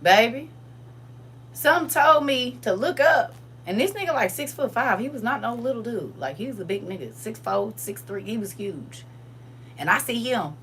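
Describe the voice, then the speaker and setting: A woman hosting a livestream, telling a story to her chat in a casual, animated and emphatic way. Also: fairly high pitch, moderate pace, a little hiss or hum. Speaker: livestream host.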